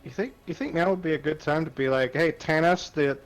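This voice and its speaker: Wry, quipping tabletop player. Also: male voice, fairly high pitch, fast talker, faint music behind. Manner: wry quips. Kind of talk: casual play over voice chat.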